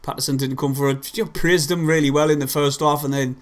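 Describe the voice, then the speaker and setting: Swearing football fan. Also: male voice, on the high side, steady tone, brisk. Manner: swears heavily, shouts in frustration. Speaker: fan livestream host. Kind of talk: live match reaction commentary.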